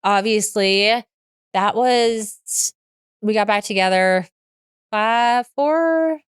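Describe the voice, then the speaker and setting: Frank woman with a smooth, dry voice. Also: medium pitch, drawn-out words, no room sound. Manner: open, frank, rambling with restarts. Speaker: podcast guest. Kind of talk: candid personal story in conversation.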